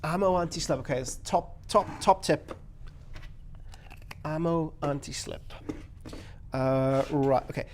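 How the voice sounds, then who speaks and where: A man's voice: fairly high pitch, measured pace, pauses often, slight background noise. A man hosting a casual live stream, rambling and joking at his own expense while he mutters through his work. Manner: rambling, self-deprecating, mutters to himself while working. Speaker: live stream host building miniatures.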